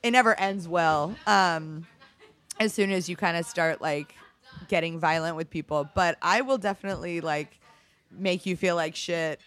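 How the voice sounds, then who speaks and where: A middle-aged woman with a somewhat low voice recounts bar stories in a loose, conversational interview. She's frank and unfiltered, swears casually, and fills her sentences with "like" and "um". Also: moderate pace, fairly bright tone. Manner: candid, profane, heavy use of "like". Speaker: bartender guest.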